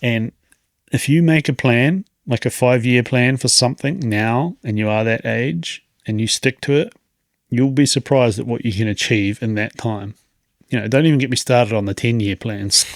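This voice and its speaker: Gravelly man in his late thirties. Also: medium pitch, moderate pace, dry recording, clean studio sound. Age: 30s. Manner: rambling, reflective, chuckles often. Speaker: podcast host. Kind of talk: casual podcast monologue.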